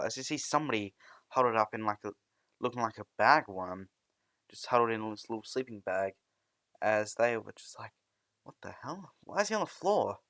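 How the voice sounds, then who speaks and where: A man's voice: fairly low pitch, fairly bright tone, dry recording. A young man narrating a fan story in a rambling, loosely improvised way, often restarting sentences.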